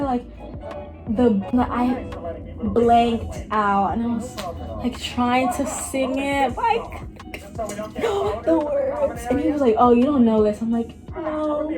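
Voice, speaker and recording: Young woman, late teens, from Miami, high voice, rambling storytime, lots of "like", music clearly behind. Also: animated, normal speed. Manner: rambling, lots of "like", acts out others' lines. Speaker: vlogger. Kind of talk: casual storytime. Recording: music playing behind her.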